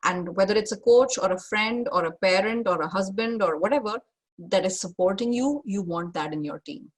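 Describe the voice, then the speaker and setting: Husky-voiced woman coaching on a video call. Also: medium pitch, moderate pace. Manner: direct, emphatic, repeats key points. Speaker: career coach. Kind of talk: online masterclass talk.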